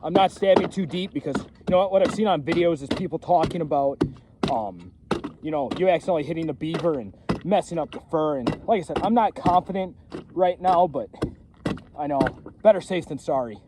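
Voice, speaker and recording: A first-time trapper with a slightly high voice talks casually and animatedly for an outdoor vlog on a frozen pond, halting often, restarting and using lots of fillers. The camera sits on a pack basket a few feet away, and the audio is very noisy.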